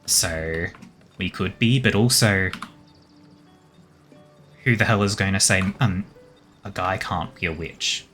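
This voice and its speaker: Slow, low-voiced man chuckling over a game. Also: bright, forceful tone, faint music behind. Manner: chuckling, musing aloud. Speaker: streamer. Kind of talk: casual game commentary.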